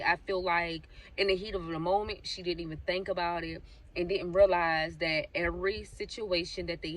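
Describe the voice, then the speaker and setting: A woman's voice: mid-range voice, fairly bright tone, distant mic. Chatty woman retelling a true-crime story. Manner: chatty, addresses viewers directly, frequent fillers like "so basically". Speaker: storytime vlogger.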